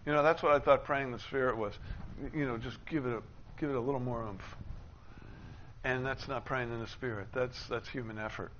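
Bright-voiced preaching man, lo-fi. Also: mid-range voice, fairly even intonation, a little hiss or hum. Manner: preaching, with rising, emphatic declarations and quick asides. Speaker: pastor. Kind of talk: sermon.

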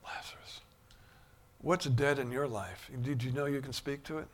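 A man preaching a sermon, shifting from quiet musing to loud, emphatic bursts. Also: mid-range voice, normal speed, slight background noise.

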